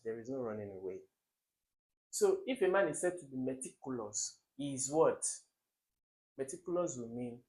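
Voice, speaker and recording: A young man teaches an English exam lesson in an emphatic way. He repeats key words and keeps quizzing his listeners. His voice sits at an ordinary middle pitch. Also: a little mellow. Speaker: exam tutor. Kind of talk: recorded exam-prep lesson.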